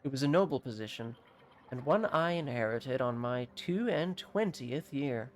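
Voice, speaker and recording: A streamer reading aloud the lines of a solemn exiled male court alchemist from a video game, in a measured and formal way. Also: mid-range voice, expressive, slight background noise, close to an everyday voice.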